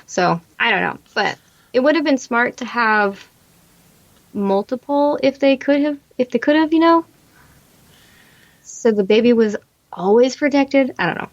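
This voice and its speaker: A woman's voice: a little high, expressive, unhurried, long pauses. A woman co-hosting a podcast, recapping a show in chatty, rambling talk and laughing often. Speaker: podcast co-host. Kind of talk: casual recap chat. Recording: muffled lo-fi audio.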